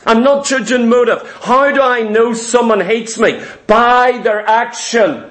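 A man's voice: very high voice, a little slow, few pauses, fairly bright tone. A man preaching a morning sermon to his congregation, hammering points through repetition and rhetorical questions. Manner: emphatic, repeats lines and fires rhetorical questions at the congregation. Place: church service in the morning.

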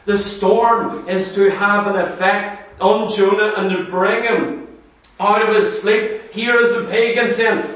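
High-voiced fervent preacher in echoey church. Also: male voice, steady tone, takes it slowly, fairly bright tone. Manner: fervent, fires rhetorical questions at the congregation. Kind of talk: sermon. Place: church hall. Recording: echoey church, mic far off.

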